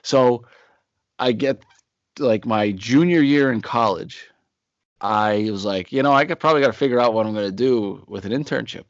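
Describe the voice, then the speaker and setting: A man's voice: medium pitch, moderate pace, no room sound, highs cut off. A man in his forties, a podcast co-host telling a long, rambling personal story in casual chat. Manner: rambling anecdotal storyteller, acts out quotes.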